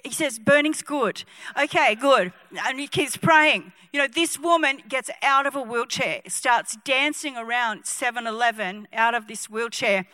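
Bright high-voiced woman pastor preaching. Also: normal speed, hardly any pauses, dry recording. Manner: lively, acts out the people in her stories; drops to a hushed voice for solemn moments. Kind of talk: sermon with storytelling.

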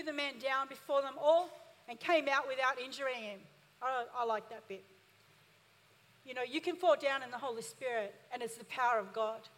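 A woman pastor with a very high voice preaches a sermon at normal speed with emphatic, building energy, drawing responses from her listeners. Her slightly bright voice rings through a long church-hall reverb.

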